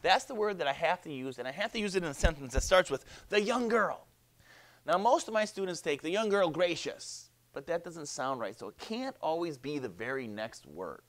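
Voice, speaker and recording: Animated male teacher reading aloud. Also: fairly high pitch, brisk, few pauses. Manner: animated, chatty asides. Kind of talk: classroom read-aloud and lesson.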